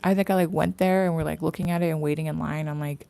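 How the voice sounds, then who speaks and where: A woman chats casually to her livestream viewers from outdoors. Her voice sits low and gravelly, with a mellow, dark tone. She rambles freely and often slips into breathy whispered asides. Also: fairly even intonation, fast talker. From Canada. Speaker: livestream host. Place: outdoors in morning sun.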